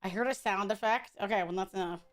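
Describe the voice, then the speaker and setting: A woman's voice: mid-range voice, fast. A woman streaming a game, chatting casually with her viewers in crude, teasing banter and laughing often. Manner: frequent laughter.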